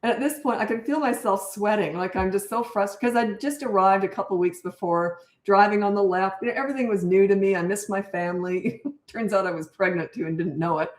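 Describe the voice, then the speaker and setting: A woman's voice: medium pitch, a little fast, few pauses. A Canadian woman in her sixties, a parenting coach who answers viewer questions and drifts into long laughing stories in easy, casual chat. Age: 60s. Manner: chatty, laughing storyteller who drifts off topic. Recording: roomy echo.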